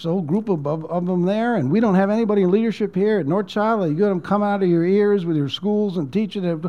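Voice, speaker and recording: A pastor with a high, dark-toned voice rushes through a storytelling sermon with few pauses, recorded with dull audio. His style is conversational; he repeats words and falls almost to a whisper when it gets emotional.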